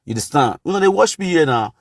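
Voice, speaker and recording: A man from Benin City with a Nigerian Pidgin accent, telling street stories in a lively, animated way. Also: a little high, fast talker, dry recording, clean studio sound. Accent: Nigerian Pidgin, Edo (Benin City). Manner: animated storyteller, shouting catchphrases, laughing. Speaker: talk show guest. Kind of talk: casual street talk.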